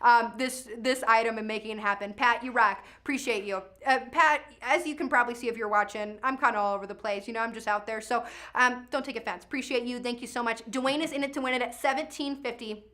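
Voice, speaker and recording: A woman with a high, bright, sharp voice hosts a charity auction from a studio. She talks fast and chatty, cheering on bidders by name and pushing the next bid. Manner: energetic, chatty, calls out bidders' names. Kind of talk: live virtual auction calling.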